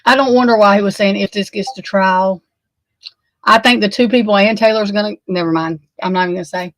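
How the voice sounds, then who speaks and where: A woman talks through a true crime case, shaken and near tears. She stammers, breaks off mid-sentence and swears often. Her voice sits at an ordinary pitch and is recorded close and dry. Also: fairly even intonation, no room sound, rough recording. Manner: distraught, halting, swearing, stammering. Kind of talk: emotional unscripted commentary.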